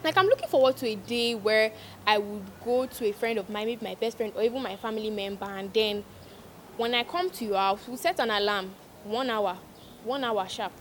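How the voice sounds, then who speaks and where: A woman's voice: fairly high pitch, lively intonation, fairly quick, a little hiss or hum. A young woman vlogger giving emphatic, preachy advice to her viewers, repeating lines for stress. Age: young adult. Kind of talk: casual advice monologue to viewers.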